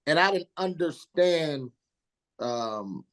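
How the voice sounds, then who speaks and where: A man in his forties from Indiana, a radio DJ telling stories as an interview guest in slangy, animated speech, acting out the people he quotes. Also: on the high side, slow. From Indiana, USA. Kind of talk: casual storytelling interview.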